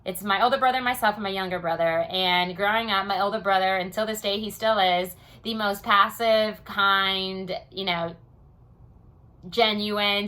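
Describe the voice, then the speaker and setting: A woman's voice: medium pitch, bright, forceful tone. A young American woman talking casually in a personal diary vlog, rambling with many "you know" and "um" fillers. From United States. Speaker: vlogger.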